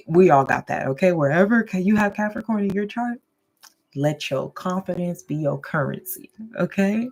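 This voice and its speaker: A woman's voice: on the low side, sing-song, moderate pace, vocal fry. A woman giving a casual, goofy tarot and astrology reading, laughing often and checking in with listeners. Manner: addresses listeners directly, checking in with "okay?".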